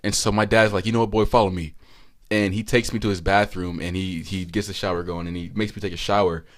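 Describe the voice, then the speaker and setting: A man in his twenties telling a long story on a podcast, animated and swearing, laughing as he goes. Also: low voice, fast. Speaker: podcast co-host. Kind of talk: casual storytelling.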